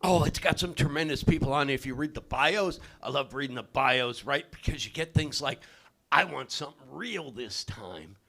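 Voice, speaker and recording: An older man doing a stand-up comedy set in a club, loud and profane, often shouting his punchlines. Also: medium pitch, fairly quick, few pauses. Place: comedy club stage, live audience.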